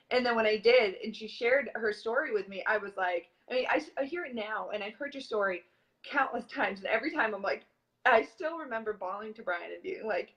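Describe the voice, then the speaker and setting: A woman host talks animatedly in a somewhat high voice, warmly emphatic as she retells a conversation. The audio sounds dull and muffled. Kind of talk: conversational interview.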